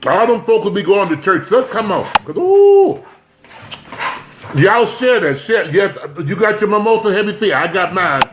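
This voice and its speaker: A man hosting a casual home livestream talks briskly with hardly any pauses, his high voice full of lively intonation. He chats with viewers indoors, greets them by name and urges them to share, with a little hiss or hum in the audio.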